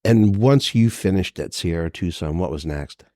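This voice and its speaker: A man hosting a podcast interview, calmly asking questions and explaining terms for listeners. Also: deep voice, normal speed, no room sound, clean studio sound. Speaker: podcast host, counselor. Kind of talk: conversational interview.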